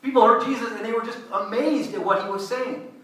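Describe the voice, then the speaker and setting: A man preaching a sermon to a congregation, in a lively, conversational way, acting out the voices of doubting listeners. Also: extremely high pitch, a little fast. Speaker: pastor. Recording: echoey hall, mic from a distance.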